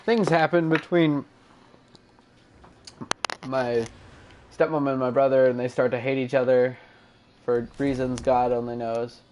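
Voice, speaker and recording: A young man tells a casual, meandering story while he plays, filling gaps with "um" and "like" and trailing off into asides. His voice sits at an ordinary middle pitch, with faint noise running under the recording. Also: fairly even intonation, unhurried, pauses often, a little mellow. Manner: rambling, loose, with fillers and mumbled asides. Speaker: gaming channel host. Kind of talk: casual storytelling over gameplay.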